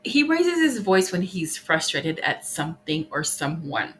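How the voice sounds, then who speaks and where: A woman in casual podcast conversation, reflective and quick to laugh, speaking in short halting bursts. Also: deep voice, big pitch swings, fairly bright tone, slight background noise, low-quality recording.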